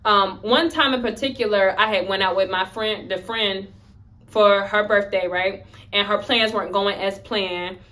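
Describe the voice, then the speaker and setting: A young woman sharing a story-time vlog, talking candidly and with emphasis. Her tone is conversational and blunt, and her voice sits at an ordinary pitch. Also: steady tone, unhurried, fairly bright tone. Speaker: vlogger.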